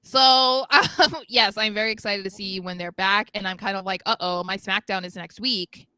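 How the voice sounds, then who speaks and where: A young adult woman co-hosting a casual chat podcast, excited and giggly, rambling quickly. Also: medium pitch, smooth, dry recording. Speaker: podcast co-host.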